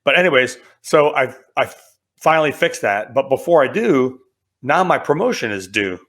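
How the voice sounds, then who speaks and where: A middle-aged man spinning yarns on a podcast, his voice sitting at an ordinary pitch. He talks casually and acts out the lines of people in his stories, with a lively, self-mocking energy. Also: normal speed. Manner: animated storyteller, acts out quotes. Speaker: podcast guest, military veteran. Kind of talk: casual storytelling.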